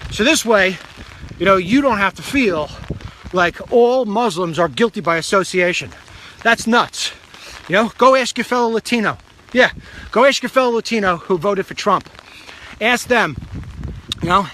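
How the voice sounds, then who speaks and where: A man's voice: high-pitched, sharp tone, a little hiss or hum. A middle-aged man hosting a live political talk stream while walking outdoors in the rain, talking bluntly in rambling, jokey asides into a phone.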